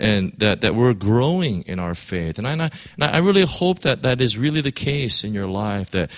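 A man preaching a sermon. His pitch rises and falls a lot, and he often stumbles over words, repeats himself and restarts his sentences. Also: pushed and bright. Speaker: pastor.

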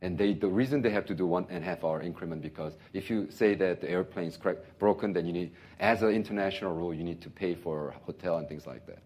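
A man preaching a sermon, telling an animated story with bursts of laughter. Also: low voice, fast talker, hardly any pauses. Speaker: pastor.

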